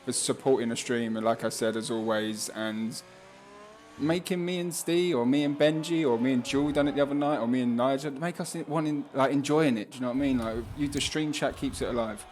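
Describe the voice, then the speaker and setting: A man's voice: medium pitch, a little fast, a little mellow, a little hiss or hum. A man commentating a sim race on a live stream, chatty and laughing often as he reads out viewer comments.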